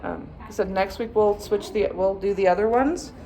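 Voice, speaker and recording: With a mellow, medium-pitched voice at a normal pace, a woman instructs viola students step by step through their practice, occasionally chanting rhythm words. A slight hiss or hum can be heard in the recording.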